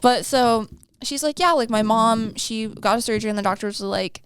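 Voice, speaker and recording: Woman, about 30, podcast co-host, casual storytelling, smooth voice, fairly high, dry close mic. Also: normal speed, fairly bright tone, no room sound. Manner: chatty, laughing, acts out dialogue.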